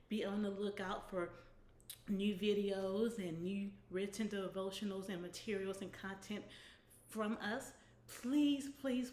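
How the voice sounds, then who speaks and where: A woman's voice: a little high, roomy sound. A woman hosting a weekly inspirational devotional, talking conversationally and often checking in with "right?". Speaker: devotional host.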